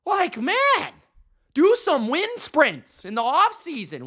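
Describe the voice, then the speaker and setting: A man's voice: extremely high pitch, wildly swooping pitch, slow pace, sharp tone. A man hosting a podcast, ranting about football in an exasperated, sarcastic, slangy way. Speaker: podcast host. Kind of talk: ranting sports commentary.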